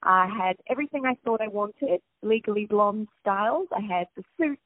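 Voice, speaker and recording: A woman's voice: medium pitch, normal speed, dry recording. A woman from New Zealand with a New Zealand accent, a TV host chatting as a guest in a phone interview, bubbly and talkative. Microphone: telephone. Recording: dry tinny phone line.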